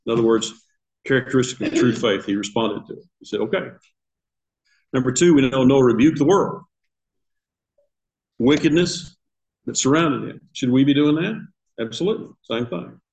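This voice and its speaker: A man's voice: mid-range voice, normal speed, pauses often, a little mellow, rough recording. An older man teaching a Sunday school class in a church classroom. He talks in a conversational way, asks the class questions and chuckles at his own asides.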